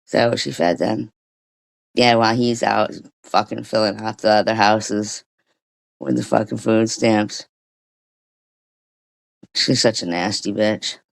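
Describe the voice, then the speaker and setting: A woman's voice: extremely low pitch, steady tone, takes it slowly, vocal fry, pauses often. A woman hosting a livestream, ranting casually and profanely with frequent restarts. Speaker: livestream host.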